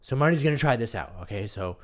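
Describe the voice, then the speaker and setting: A man's voice: medium pitch, expressive, quick pace. A man hosting a comedic self-help monologue, earnest and soothing, talking about himself in the third person.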